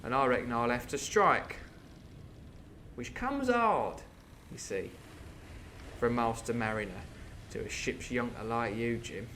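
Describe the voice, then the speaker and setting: A man voicing a wounded, sly old male pirate with an attempted Cockney accent, low and mumbling. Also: lively intonation, a little slow, long pauses, a bit bright, a little hiss or hum.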